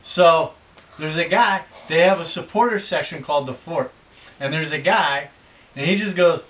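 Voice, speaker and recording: Bright-voiced middle-aged American dad, teasing. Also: male voice, on the high side, moderate pace, low-quality recording. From United States. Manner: rambling, teasing, jokey. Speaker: father and video host. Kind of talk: casual snack-tasting chat.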